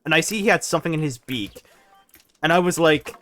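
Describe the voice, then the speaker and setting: A man's voice: fairly high pitch, a little fast, a bit bright. A young man chatting casually on a live stream while gaming, rambling animatedly and laughing often.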